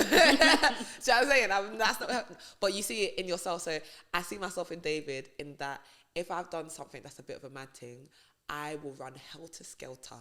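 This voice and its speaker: A young woman talking casually on a podcast, her voice sitting slightly low for a woman. She tells stories in a lively way, full of street slang. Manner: animated, slangy storytelling. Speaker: radio presenter, podcast guest.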